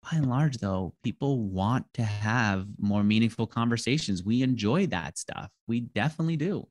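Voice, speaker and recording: Brief: man, forties, animated guest on a chat show, plays out quoted lines as he tells stories, middle pitch. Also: normal speed. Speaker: podcast guest, interviewer and author. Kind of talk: casual conversation.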